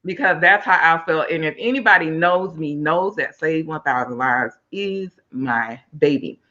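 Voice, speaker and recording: A woman hosting a live online talk show over a video call, effusive and excitable, thanking viewers by name. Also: deep voice, moderate pace, lo-fi sound. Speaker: host.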